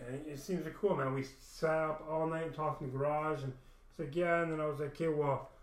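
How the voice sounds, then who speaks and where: A man's voice: fairly high pitch, flat delivery, brisk. A young man telling a long, rambling story full of swearing, restarting often and acting out what other people said. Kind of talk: casual storytelling rant. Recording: echoey room.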